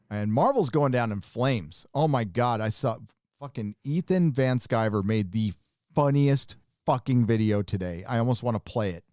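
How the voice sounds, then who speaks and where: A man's voice: medium pitch, darkish tone, no echo, studio quality. A man hosting a live podcast, chatting casually and rambling with lots of profanity. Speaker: host. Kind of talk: casual livestream chat.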